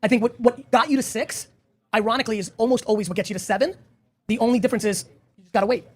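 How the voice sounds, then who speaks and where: A man's voice: very high voice, steady tone, rapid-fire. A man hosting a live audience Q&A, answering questions in a blunt, emphatic way and swearing often. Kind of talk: live Q&A talk.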